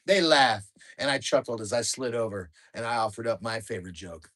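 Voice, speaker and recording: A man reading his own memoir in a calm, measured voice of middling pitch. He narrates in a steady, matter-of-fact way, letting the story carry itself.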